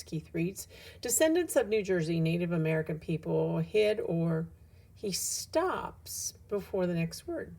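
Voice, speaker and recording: A woman teacher reading a novel aloud to her class, narrating in the first person with steady storytelling. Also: fairly low pitch, measured pace, gravelly, rough recording.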